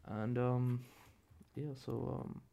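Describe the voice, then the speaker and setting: A man's voice: mid-range voice, little pitch movement, very slow, vocal fry, mellow. A young man hosting a podcast, telling a story in a rambling, profane, self-correcting way. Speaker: podcast host. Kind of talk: casual solo podcast storytelling.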